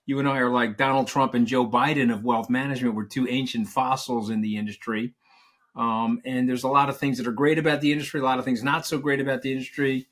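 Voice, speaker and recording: A man hosting an interview, effusive, upbeat and chatty as he introduces and thanks his guests. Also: mid-range voice. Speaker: host.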